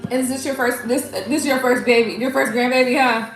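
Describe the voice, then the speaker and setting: A middle-aged woman hosting a casual live tarot reading, chatting loudly with viewers, laughing often and swearing freely. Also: sits high, steady tone, fairly quick. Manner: loud, laughing, profane and chatty, greets viewers. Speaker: tarot reader livestream host. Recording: echoey room with faint music.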